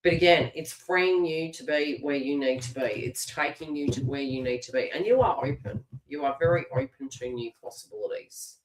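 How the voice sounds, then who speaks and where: A woman's voice: low voice, expressive, normal speed, few pauses, slight background noise. A middle-aged Australian woman giving a live tarot reading and chatting casually, laughing often and restarting her phrases. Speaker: tarot reader. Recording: roomy echo.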